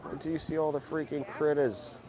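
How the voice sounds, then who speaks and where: A man putting on a joking Boston accent, playing an excited local guy who keeps saying "freaking", outdoors with crowd noise behind him. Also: on the high side, a little fast, close to an everyday voice. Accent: Boston (put on). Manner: joking, calls people "guy", says "freaking" a lot. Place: outdoors in a busy theme park.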